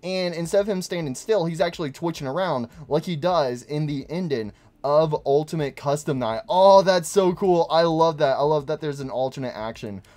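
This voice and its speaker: A man giving excitable gameplay commentary on his channel, gushing over details on screen. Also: a little high, fairly quick, few pauses. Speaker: gaming YouTuber.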